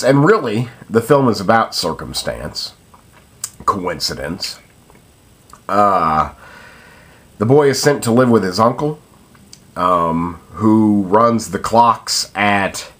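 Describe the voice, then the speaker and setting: Slow, hesitant low-voiced man reviewing. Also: fairly bright tone. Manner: hesitant, full of ums and uhs. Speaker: film reviewer. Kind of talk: casual spoken film review.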